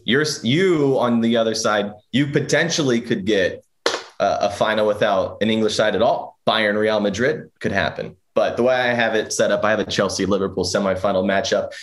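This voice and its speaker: A man's voice: lowish voice, moderate pace. A man co-hosting a sports talk show, chatting casually and teasing with frequent laughs.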